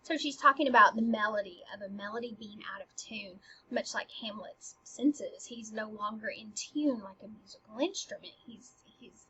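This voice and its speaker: A woman casually explaining a play scene by scene. Her delivery is animated and swings between emphatic and hushed. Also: medium pitch, normal speed, hardly any pauses, a little hiss or hum, low-quality recording.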